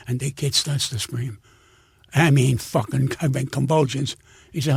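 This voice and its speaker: Older male comic, raspy high voice, dry close sound, animated profane storyteller. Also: moderate pace, no room sound. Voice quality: gravelly, husky. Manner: profane, animated storyteller who acts out every quote. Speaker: comedian guest. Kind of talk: storytelling anecdotes.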